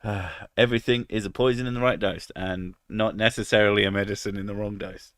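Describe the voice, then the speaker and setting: A low-voiced man with a cold, chatting loosely on a live stream. He jokes crudely as he reacts to chat, and the sound is dry and close. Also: steady tone, a little fast, a bit bright, no room sound. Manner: crude, joking, reads out chat. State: has a cold, about to sneeze.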